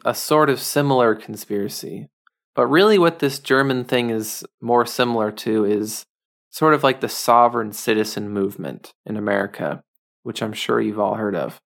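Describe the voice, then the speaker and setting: A man's voice: lowish voice, normal speed, gravelly, a bit bright. A man hosting a solo podcast in a casual, rambling monologue, full of fillers and wry asides. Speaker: podcast host.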